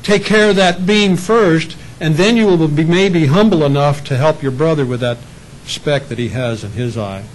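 Over a slight hiss or hum on a rough recording, this pastor delivers his sermon like a conversation. His slightly high voice keeps a normal speed, and he acts out small voices for the characters he describes.

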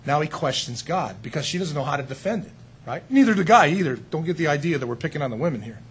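A man preaching a sermon in a conversational, animated way, full of rhetorical questions. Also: on the high side, slight background noise.

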